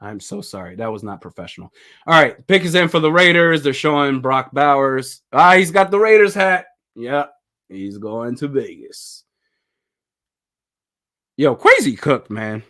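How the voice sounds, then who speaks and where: Animated man laughing through a livestream. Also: medium pitch, a little slow. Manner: bursts of laughter, incredulous and exclaiming. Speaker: livestream host. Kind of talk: casual livestream reaction.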